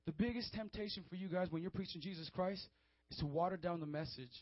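A man's voice: sits high, quick pace, dry recording. A man preaching a fervent, emphatic sermon to a young audience, often calling out to his listeners. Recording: dry, dull lo-fi sound.

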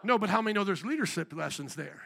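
A male pastor in full sermon, his voice pitched high and ringing bright. He talks straight at the congregation, asking for amens and raised hands, pressing each point hard. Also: fast talker, creaky. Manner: energetic, call-and-response preaching.

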